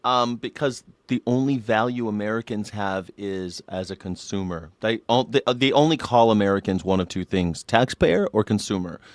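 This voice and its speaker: A man's voice: on the low side, normal speed, hardly any pauses, no echo. A man hosting a reaction show, joking and cursing through casual commentary. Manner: joking, riffs into mock old-man voices. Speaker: news reaction show host.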